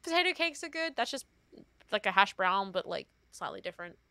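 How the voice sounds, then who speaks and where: A woman's voice: medium pitch, big pitch swings, a little fast, sharp tone, clear, resonant tone, no room sound. A young Australian woman with an Australian accent, chatting casually as a guest, rambling and self-deprecating with frequent laughs. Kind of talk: casual chat.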